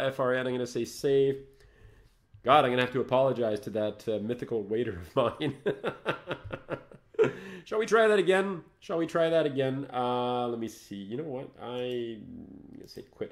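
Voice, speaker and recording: A chatty man hosts a live screencast lesson with a middle-pitched voice, thinking aloud as he clicks through each step. He rambles and cracks jokes at his own slips. He also breaks off to greet viewers by name. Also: moderate pace. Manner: jokey, rambling, thinks aloud while typing; greets and toasts viewers in the chat. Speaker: host of a live Linux tutorial show.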